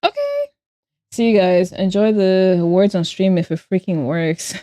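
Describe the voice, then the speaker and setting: A woman's voice: fairly low pitch, steady tone, moderate pace, mellow, no room sound. A young woman streamer chatting casually and playfully with her viewers while she draws, often breaking into giggles. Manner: playful, giggly, talks to chat. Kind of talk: casual live-stream chat while drawing.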